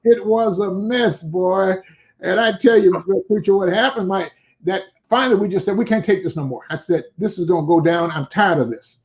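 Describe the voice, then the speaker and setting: Speaking in a high voice at a moderate pace, an older bishop and pastor relates a story for an interview. He is a lively storyteller who acts out the quoted conversation of the people he describes.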